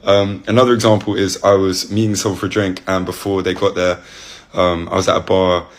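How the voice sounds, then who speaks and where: A man's voice: low voice, little pitch movement, brisk. A young man with an English accent, telling stories casually to camera with a rambling, chatty manner full of fillers. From England. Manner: rambling, chatty, lots of "like" and restarts.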